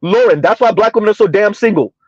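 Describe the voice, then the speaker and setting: A man hosting a reaction commentary, mocking his targets with repeated rhetorical questions and drawn-out words, speaking. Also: sits high, breathy edge, no echo, lo-fi sound. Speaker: commentary video host.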